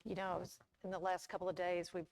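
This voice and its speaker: A woman's voice: on the low side, level tone, fast, a little mellow. An older woman interviewing a guest in a public conversation, prompting with questions. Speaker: interviewer, professor.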